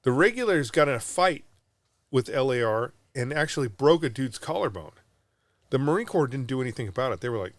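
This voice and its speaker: A middle-aged Marine veteran from Southern California hosting a podcast, telling a story casually, blunt and profane, with frequent restarts. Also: male voice, medium pitch, animated, brisk. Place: podcast studio.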